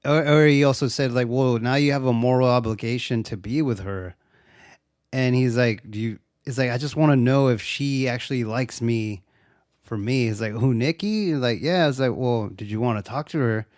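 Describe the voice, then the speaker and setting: Young male co-host, casual profane movie-recap chat, middle pitch, dry close mic. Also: normal speed, darkish tone, no echo. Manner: laid-back, swears a lot, acts out quotes. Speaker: podcast co-host.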